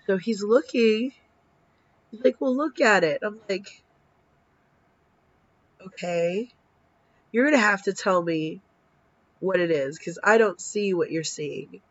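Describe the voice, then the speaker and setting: A woman in her thirties, tired from little sleep, tells a story on a casual vlog, animatedly acting out the dialogue and swearing casually. She speaks slowly at medium pitch and pauses often. The recording has a dull lo-fi sound.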